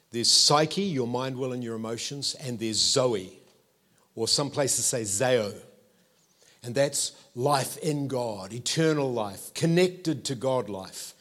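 A man, preaching a sermon with animated storytelling and playful asides to the congregation. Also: medium pitch. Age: 50s.

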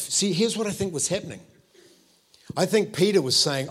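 A man, preaching a sermon with animated storytelling and playful asides to the congregation. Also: on the high side, a little fast, slightly rough. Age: 50s.

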